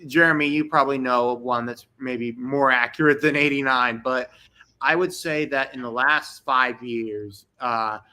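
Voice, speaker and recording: A man's voice: medium pitch, fairly even intonation, normal speed, sharp tone. A man talking enthusiastically and at length as a guest on a livestream video call. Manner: enthusiastic, rambling. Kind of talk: casual livestream chat.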